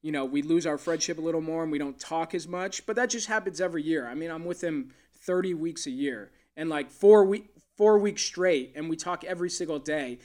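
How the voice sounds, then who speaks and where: A man's voice: on the high side, a little fast, few pauses, darkish tone. A man, a golf caddie, chatting casually in an interview and telling stories with plenty of fillers. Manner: easygoing storyteller, many fillers.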